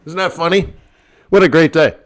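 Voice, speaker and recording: A man with a slightly high voice hosts a live trading stream and talks straight to his viewers. He tells his stories in a loose, animated way and acts out the people he quotes, sometimes jumping up to a near shout. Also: moderate pace. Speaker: forex trading host. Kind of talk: live stream chat and storytelling.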